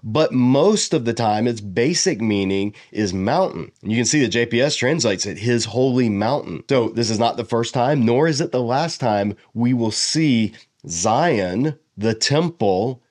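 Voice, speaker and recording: A man giving a casual verse-by-verse Bible lesson, slowly sounding out Hebrew words and explaining them in a relaxed, conversational way. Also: medium pitch. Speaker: Bible teacher.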